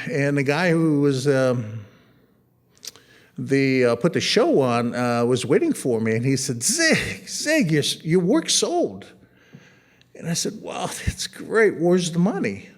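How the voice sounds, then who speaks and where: A middle-aged man from the United States, an artist talking casually at an art museum about his photographs, rambling and anecdotal, with frequent restarts and a joking tone. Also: medium pitch. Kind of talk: casual gallery talk.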